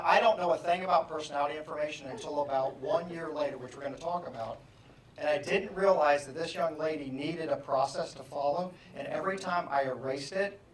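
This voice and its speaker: A man giving a motivational keynote, telling a story with animated, self-mocking humor. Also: fairly high pitch, a little hiss or hum. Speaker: motivational speaker. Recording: echoey hall from far off.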